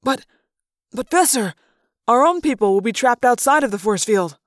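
A woman's voice: fairly high pitch, lively intonation, normal speed, no echo, studio quality, lightly acted. Woman doing a jittery alien underling. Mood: nervous. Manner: nervous, stammering, eager to obey. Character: frightened male alien underling soldier. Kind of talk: fan audiobook reading.

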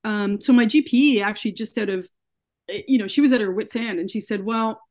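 A woman in middle register speaks earnestly on a podcast, recounting her experience step by step. She stumbles and repeats words when the memory upsets her. Her pitch sits at an ordinary level. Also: fairly quick, darkish tone. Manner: earnest, often acts out dialogue in her retelling. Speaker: guest, researcher. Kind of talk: telling her own story in conversation.

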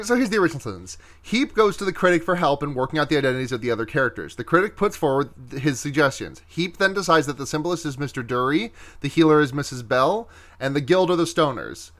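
A man with a somewhat high voice talks casually on a podcast. He retells a film scene, often breaking into laughter as he goes. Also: expressive, quick pace, a bit bright. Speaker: podcast co-host. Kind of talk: casual chat.

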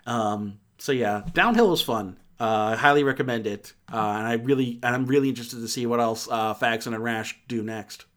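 A man's voice: medium pitch, normal speed, few pauses, a bit bright. A man hosting a casual movie review chat, rambling and cutting himself off mid-sentence. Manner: rambling, self-interrupting, laughs easily.

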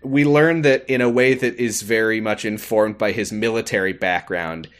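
A man's voice: on the low side, normal speed. Man, podcast co-host, casual episode recap, laughs a lot, does character voices. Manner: laughs often, acts out quoted lines in voices.

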